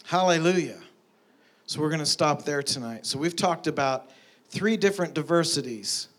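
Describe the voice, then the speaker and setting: Animated preacher man telling stories. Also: a little high, moderate pace. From Tulsa, Oklahoma. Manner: lively storytelling with rising emphatic peaks. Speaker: pastor. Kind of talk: sermon with storytelling.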